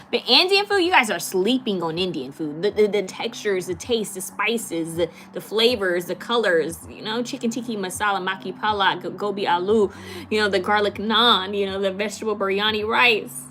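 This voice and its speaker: A woman's voice: mid-range voice, fairly bright tone, a little hiss or hum. A woman from California hosting a live stream, chatting casually and giggling as she answers viewer comments. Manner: chatty, giggly, with many fillers and quick repeats.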